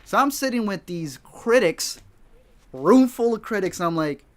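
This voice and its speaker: A man co-hosting a podcast, telling an animated, slangy story and acting out the dialogue in it. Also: sits high, moderate pace. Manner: excitable, slangy, acts out dialogue in his stories. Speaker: podcast co-host. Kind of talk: casual chat, animated storytelling.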